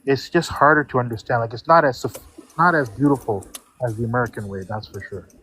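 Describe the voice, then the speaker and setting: A man from India in a casual chat, speaking haltingly and repeating words while he searches for them. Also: mid-range voice, bright, forceful tone, a little hiss or hum.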